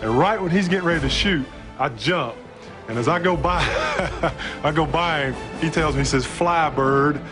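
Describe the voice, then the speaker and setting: A man with a slightly high voice tells a story step by step in vivid detail. Music plays clearly underneath. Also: normal speed. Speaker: former pro basketball player. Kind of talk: storytelling interview clip.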